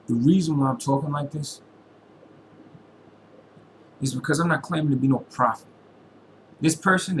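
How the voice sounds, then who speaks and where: A man with a medium-pitched voice delivers a fervent, preachy monologue to his followers, mixing scripture quotes with informal slang and repeating lines to drive them home. The recording is low quality, with a little hiss or hum.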